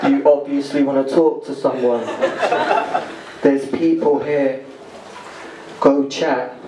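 A man's voice: medium pitch, fairly even intonation, slow, lightly acted. A man voicing a sensible, encouraging male inner voice that coaxes in a spoken word poem. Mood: coaxing. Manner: coaxing and reasonable. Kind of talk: spoken word poetry performance. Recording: echoey live room, distant mic, noisy.

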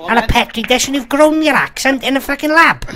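A woman's voice: high voice, quick pace, fairly bright tone. Crude mocking Welsh woman. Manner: crude, mocking, rambling insults. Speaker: online game chat prankster. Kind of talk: trash-talking voice chat.

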